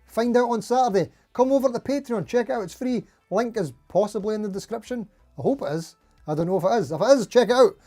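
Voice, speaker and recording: A man's voice: sits high, quick pace, dark tone, soft background music. A man hosting a casual live stream, rambling and laughing at himself as he reads out supporter names.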